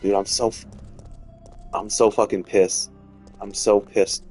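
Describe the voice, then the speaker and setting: A man's voice: on the low side, level tone, slow pace, a little mellow, husky, soft background music. A man giving casual let's-play commentary as he plays, rambling, repeating himself and swearing freely. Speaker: gaming streamer.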